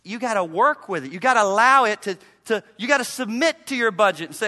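Animated preaching man in a reverberant hall. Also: high voice, fast. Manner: animated preaching, mock voices of listeners, sudden drops to quiet. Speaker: pastor. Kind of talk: sermon. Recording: long reverb of a large hall.

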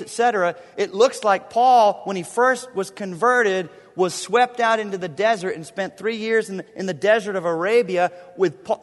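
A pastor preaching a sermon, emphatic and repetitive, swinging between loud stressed words and hushed low drops. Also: male voice, big-room sound. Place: church sanctuary.

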